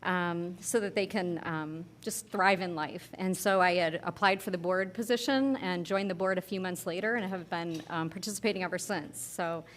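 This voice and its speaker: A woman's voice: fairly low pitch, moderate pace, hardly any pauses, slight background noise. A woman, the board treasurer, giving an earnest banquet update with many filler "ums". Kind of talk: banquet speech.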